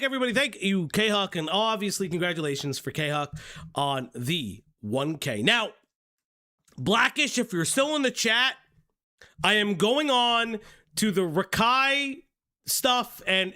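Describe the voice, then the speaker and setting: A man hosting a live-stream drama commentary in a casual, profane way, with restarts and a voice going hoarse. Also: high-pitched, bright, forceful tone. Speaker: streamer host.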